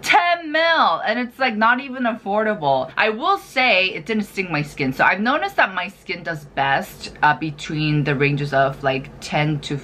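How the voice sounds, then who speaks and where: Chatty female beauty vlogger, lower register, lively filler-heavy delivery. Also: moderate pace, few pauses, slight background noise. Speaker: skincare vlogger. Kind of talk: casual product review chat.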